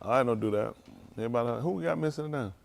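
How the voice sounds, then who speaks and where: A man's voice: medium pitch, quick pace, vocal fry, slight background noise. Male pastor, folksy teasing banter with the flock, mid-range voice. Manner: folksy, teasing, loose call-and-response. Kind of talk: informal pre-sermon banter with congregation. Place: congregation hall.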